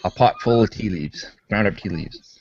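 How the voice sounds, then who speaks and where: A man's voice: fairly low pitch, normal speed, darkish tone, lo-fi sound, slight background noise. A Canadian man co-hosting a casual chat, explaining everyday things in a methodical way that trails off. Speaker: podcast co-host.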